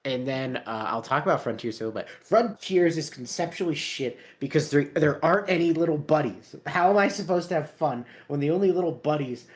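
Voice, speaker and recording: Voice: medium pitch, animated, brisk, hardly any pauses. A podcast co-host in casual chat, swearing constantly, rambling and often breaking into laughter.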